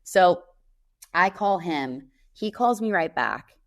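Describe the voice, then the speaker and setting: Podcast co-host, female, lower register, blunt emphatic storyteller, casual. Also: lively intonation, takes it slowly. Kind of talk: casual chat.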